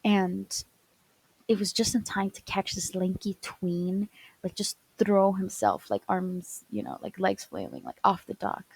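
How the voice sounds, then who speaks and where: Young woman, storytelling, husky, gravelly low voice, halting with fillers, soft near-whispers. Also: animated, no echo, low-quality recording. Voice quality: stutters often, many fillers and restarts. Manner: soft, often dropping to a whisper. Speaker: student storyteller. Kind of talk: personal story narration over animatic.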